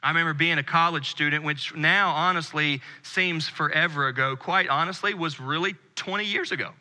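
A man in his thirties from the United States preaching a sermon with earnest intensity, dropping to a hush on key phrases. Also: fairly high pitch, normal speed. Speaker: pastor. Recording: long hall reverb.

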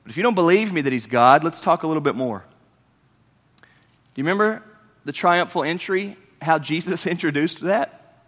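Male pastor, animated sermon, bright tone, long reverb of a sanctuary. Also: a little high, moderate pace, pauses often. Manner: animated preaching, swings from loud to quiet.

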